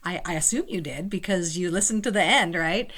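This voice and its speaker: A woman's voice: fairly low pitch, a little fast, fairly bright tone. A woman hosting a podcast interview, chatting casually with short, friendly affirmations. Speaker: podcast host.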